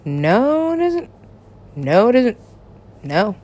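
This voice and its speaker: A woman chatting in a loose, rambling way at a middle pitch for a woman. She laughs a lot and drops profane asides, and her voice jumps high and then sinks low as she goes. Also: very animated, slow pace, a little mellow. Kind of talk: casual rambling chat.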